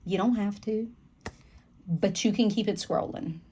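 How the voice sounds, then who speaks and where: A woman's voice: mid-range voice, a little slow, dark tone, husky. A woman with a Southern American accent, chatting casually to camera about her planner in a folksy, candid way with lots of fillers. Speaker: planner vlogger.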